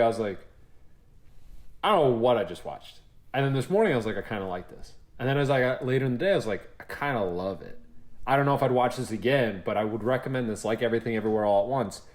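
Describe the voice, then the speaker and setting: Young man, podcast co-host, casual chat, lively storyteller, acts out quotes. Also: mid-range voice. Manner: animated storyteller, acts out quotes, swears freely.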